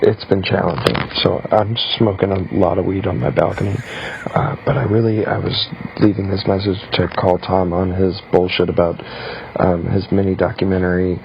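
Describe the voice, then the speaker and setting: A man's voice: sits low, little pitch movement, moderate pace, gravelly, slight background noise. A man leaving a rambling, laid-back voicemail for a radio show. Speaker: voicemail caller. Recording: dull lo-fi voicemail.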